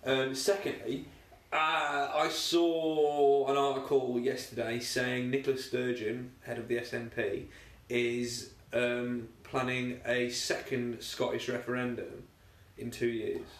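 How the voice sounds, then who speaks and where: A man's voice: mid-range voice, slow pace. Young man from England, blunt and sweary, casual podcast chat, roomy echo. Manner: blunt, sweary, animated storytelling. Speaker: podcast co-host. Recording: echoey room.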